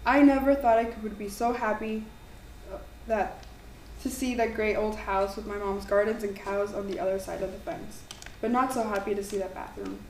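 A woman reading her own ghost story aloud in an earnest, slightly halting way. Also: mid-range voice, fairly even intonation, darkish tone. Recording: echoey room, mic far off, faint background noise.

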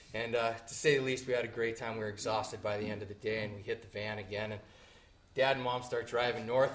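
A man in his fifties from Montana shares a personal story before an audience, shifting from energetic outbursts to quiet, low-voiced asides in an animated telling.

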